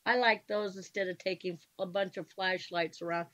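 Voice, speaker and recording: A woman's voice: on the low side, fairly even intonation, normal speed, fairly bright tone, muffled recording. A woman on a radio show explaining her ghost-hunting methods in a matter-of-fact, casual way. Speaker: paranormal investigator guest.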